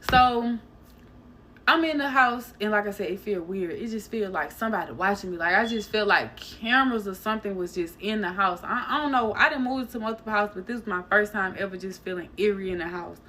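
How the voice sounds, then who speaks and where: A woman's voice: mid-range voice, fairly quick, bright, forceful tone. A young adult woman, a hairstylist, telling a long storytime to her viewers in a loose, chatty way, swearing and calling them y'all. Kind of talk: casual storytime vlog.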